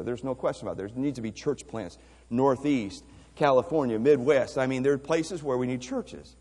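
A man with a medium-pitched, darkish voice preaches a missions sermon, recorded with long hall reverb. He's emphatic, asking rhetorical questions and repeating words as he goes.

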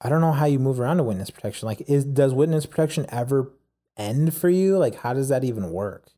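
A man's voice: medium pitch, lively intonation, quick pace, warm tone. A man co-hosting a podcast in casual chat, chatty and full of questions. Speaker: podcast co-host.

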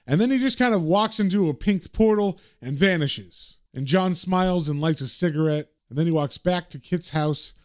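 A man hosting a casual comic book recap, retelling the story in a chatty, relaxed way. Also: high-pitched, normal speed, hardly any pauses.

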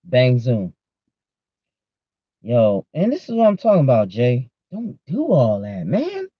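A man's voice: medium pitch, huge pitch swings, slow, slightly rough, no room sound. A man hosting a podcast, ranting in a casual, profane way and talking straight to his listeners on a dull lo-fi recording. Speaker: podcast host. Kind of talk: casual rant.

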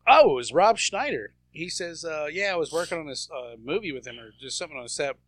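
A man co-hosting a casual podcast with a bright, fairly high voice. He tells crude, mocking stories. The sound is dry and close. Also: expressive, fast, no room sound. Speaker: podcast co-host. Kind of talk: casual chat.

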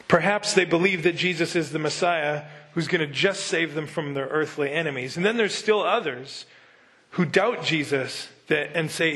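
A man's voice: a little high, normal speed, fairly bright tone. A man teaching a sermon in a conversational way, reading scripture and acting out quotes in little character voices. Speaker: pastor.

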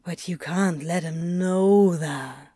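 Smarmy salesman, low and sly; woman narrator voices him. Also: slow, dark tone, slightly rough, dry recording, studio quality. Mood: schmoozing.

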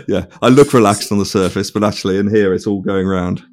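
A man's voice: lowish voice, steady tone, a little fast, a little mellow. A man guesting on a podcast, telling self-deprecating stories in a casual chat and laughing often.

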